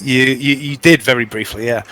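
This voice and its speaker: A man's voice: medium pitch, fairly even intonation, normal speed, pushed and bright, no echo, poor audio. A man narrating a tabletop game as game master, chatty and casual with many fillers.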